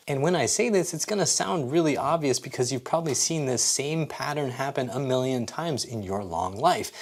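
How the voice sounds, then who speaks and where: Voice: medium pitch, expressive, normal speed, hardly any pauses. Patient, encouraging fitness coach. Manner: patient, encouraging, explains step by step. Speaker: fitness coach and channel host. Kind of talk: exercise instruction to camera.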